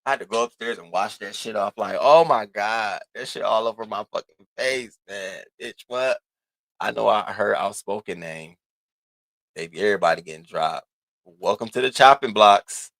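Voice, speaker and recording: A man's voice: lowish voice, normal speed, gravelly, fairly bright tone, no echo. Sassy, profane live-stream host man. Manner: sassy and profane, greets chat by name. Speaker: livestream host. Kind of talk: casual live-stream commentary.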